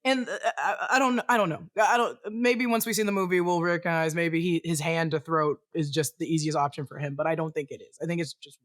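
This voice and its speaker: Excitable co-host, casual chat, mid pitch, laughs a lot, quick apologetic asides. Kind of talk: casual pop-culture discussion.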